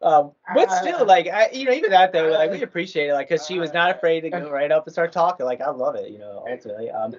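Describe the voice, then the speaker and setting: A man's voice: on the high side, lively intonation, quick pace, few pauses, crowd noise. A man, a father guest on a podcast, talking casually and chattily with frequent laughs and fillers. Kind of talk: casual interview chat. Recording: dull lo-fi audio.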